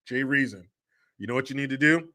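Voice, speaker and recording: This livestream host spins family stories in a crude, jokey way, breaking into laughter often. His mid-range voice is brisk, bright and forceful.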